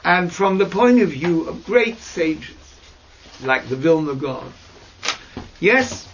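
A man teaching mystical texts in a slow lesson over a video call, hesitant and searching for words with fillers and restarts. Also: sing-song. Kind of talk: slow explanatory lesson with many pauses. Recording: dull low-fi audio with faint noise.

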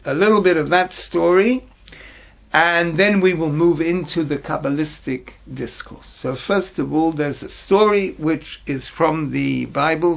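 A man with a gravelly, slightly high voice leads a Bible study lesson at an unhurried pace. He works through scripture phrase by phrase, translating and explaining each one. The recording is dull and lo-fi. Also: fairly bright tone. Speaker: teacher.

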